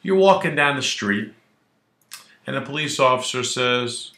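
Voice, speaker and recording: In an echoey room, a male lawyer with a bright, forceful, medium-pitched voice walks through the law at a measured pace with lively intonation. His casual to-camera explainer is wisecracking and packed with acted-out dialogue.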